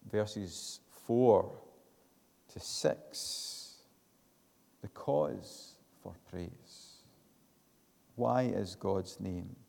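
A man preaching a sermon, slow and measured, building to emphatic declarations. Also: fairly low pitch, gravelly, mellow, in a large hall.

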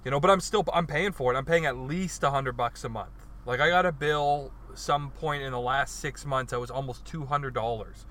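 A man's voice: medium pitch, normal speed, hardly any pauses, fairly bright tone, a little hiss or hum. A man in casual chat who talks in a loose, rambling way with frequent restarts.

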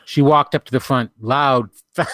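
A man's voice: medium pitch, pushed and bright, no room sound. A man reads a lurid fan fiction story aloud with mock drama, cracking himself up now and then. His voice sits in a middle register and sounds dry and close to the mic. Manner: dramatic storytelling, breaking into laughs. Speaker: podcast host. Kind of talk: comic reading of fan fiction.

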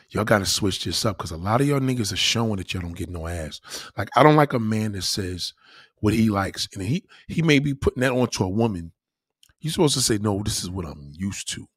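In a clean studio recording with no room sound, a young male livestream host rants in casual, blunt, profane speech. His husky voice sits at medium pitch, and he keeps restarting his sentences.

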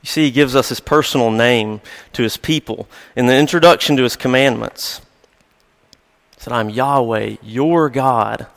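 A man's voice: mid-range voice, normal speed, gravelly, fairly bright tone. A male pastor giving a sermon in a conversational, storytelling way with light chuckles, recorded in a church sanctuary. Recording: long reverb of a large hall.

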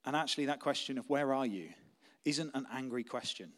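A young adult man preaching a sermon as pastor, conversational and story-driven, dropping to a quiet, intense tone for key points. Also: medium pitch, brisk, few pauses.

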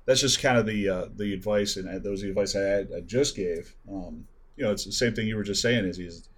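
A man in a casual discussion, speaking softly and hesitantly, with lots of fillers. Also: on the low side, fast talker, slightly rough.

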